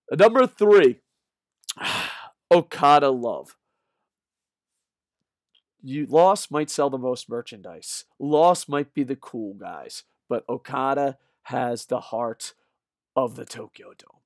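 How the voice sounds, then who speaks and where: A man ranting in a rambling, profane fan vlog, tired and punch drunk, swinging from loud shouts to low mutters. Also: expressive, measured pace, no room sound, clean studio sound. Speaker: wrestling vlogger. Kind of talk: excited fan vlog rant.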